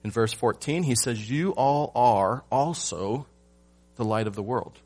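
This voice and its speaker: Male pastor, measured sermon delivery, rhetorical questions, soft music underneath. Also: mid-range voice. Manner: rhetorical questions, swings from loud emphasis to hushed.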